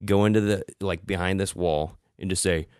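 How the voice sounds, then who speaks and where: A man co-hosting a podcast, telling a story in a casual, animated and profane way. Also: low voice, moderate pace, smooth, dry recording, clean studio sound. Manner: animated, profane, mimics voices. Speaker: podcast co-host.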